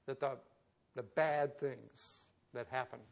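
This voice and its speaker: A man's voice: medium pitch, steady tone, slow, gravelly. A man preaching a sermon as pastor, moving from conversational storytelling into emphatic preaching.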